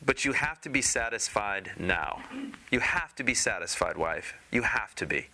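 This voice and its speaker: A man's voice: on the low side, animated, normal speed, bright, forceful tone, full character voice. A man voicing a meek, reluctant fisherman who pleads with his greedy wife in a storybook reading. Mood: pleading. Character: meek, fearful old fisherman, content with little.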